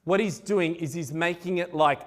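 A man preaching a sermon, retelling scripture in a lively, conversational way with chatty asides. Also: a little high, normal speed. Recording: echoey hall.

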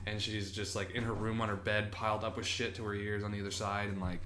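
A man's voice: fairly low pitch, flat delivery, quick pace, a bit bright, slight background noise. A man on a podcast casually telling a long, rambling story, often acting out what people said. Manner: rambling anecdotes, acts out quoted voices. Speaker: podcast co-host.

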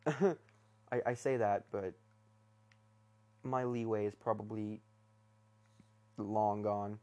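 A man's voice: lowish voice, steady tone, slow pace, pauses often, dark tone, highs cut off. Hesitant young man rambling solo. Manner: hesitant, many fillers and restarts, self-conscious. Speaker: podcast host. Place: bedroom.

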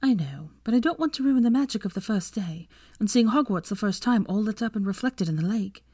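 A woman's voice: medium pitch, expressive, fairly quick, warm tone, no room sound, clean studio sound, voice pushed up, natural voice. A woman voicing a spirited, defiant young witch in an audiobook reading, with an emphatic delivery. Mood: earnest.

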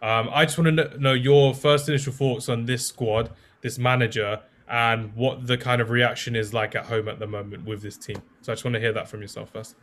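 A man's voice: mid-range voice, level tone, fairly quick, few pauses, a bit bright, slight background noise. A man hosting a casual football podcast, chatty and self-deprecating, with many fillers. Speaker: podcast host.

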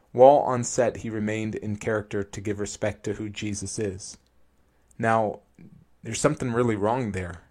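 Earnest man reading quotes critically. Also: fairly low pitch. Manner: earnest, disapproving. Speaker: podcast host.

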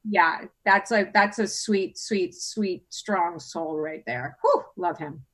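A woman's voice: lowish voice, slow pace, fairly bright tone. A woman in her forties, a podcast guest, talking candidly and expressively and swearing freely. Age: 40s. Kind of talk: casual chat.

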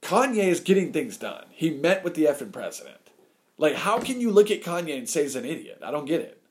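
Brief: man, casual opinion podcast, very animated delivery, wide pitch swings, acts out quotes. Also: fairly quick.

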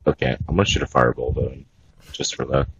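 Very deep-voiced young man playing a tabletop game. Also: fairly even intonation, a bit bright, muffled recording, slight background noise. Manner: casual, quick questions. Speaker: player.

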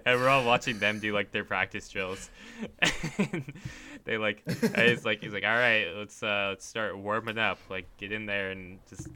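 A man's voice: lowish voice, steady tone, moderate pace, sharp tone, slight background noise. A young man co-hosting a podcast, telling a story in casual chat, acting out quotes with a laugh. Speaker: podcast co-host.

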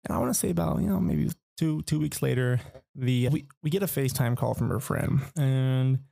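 A man's voice: medium pitch, sing-song, brisk, vocal fry, mellow, dry recording, studio quality. A young man casually telling a long personal story, rambling and profane, full of fillers like "like" and "you know.".

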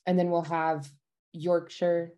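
A woman working as a dialect coach, chatting casually in an interview, bubbly and quick to laugh. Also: fairly low pitch, flat delivery, dark tone. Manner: bubbly, laughs often, enthusiastic about food. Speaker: dialect coach at a themed park. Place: Utah.

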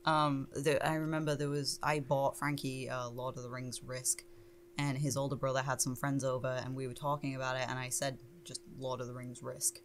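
A woman in her twenties with an English accent, a tattoo artist chatting as a guest on a podcast, relaxed and quick to laugh. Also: very deep voice, a little hiss or hum. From England. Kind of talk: casual chat. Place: indoor podcast room.

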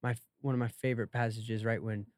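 Male guest, mid-pitched voice, dry close mic, teacherly explainer in relaxed chat. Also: fast talker, no echo. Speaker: podcast guest. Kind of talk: casual chat.

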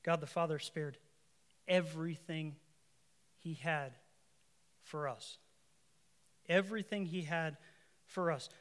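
A man's voice: fairly high pitch, slow, long pauses, fairly bright tone. A man preaching a sermon in a conversational way, making asides to the congregation and correcting himself, then pressing points with emphatic repeated lines.

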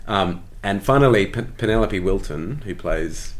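Deep-voiced Australian man telling stories. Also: lively intonation, normal speed. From Tasmania, Australia. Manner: chatty, self-deprecating, easygoing. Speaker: actor, interview guest. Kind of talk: casual interview storytelling.

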